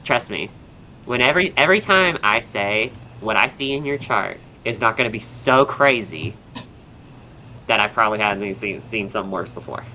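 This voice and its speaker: Young Southern male podcast host, bright tone, chatty and rambling, light background hiss. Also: fairly low pitch, animated, moderate pace, rough recording. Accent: Southern American. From American South. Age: young adult. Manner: chatty, upbeat, rambling with fillers. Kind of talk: casual chat.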